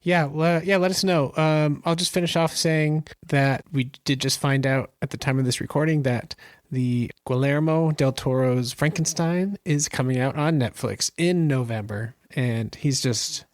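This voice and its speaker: A man co-hosting a podcast in casual chat, relaxed and laid-back. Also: fairly high pitch, a little slow, hardly any pauses, dry recording, studio quality. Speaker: podcast co-host.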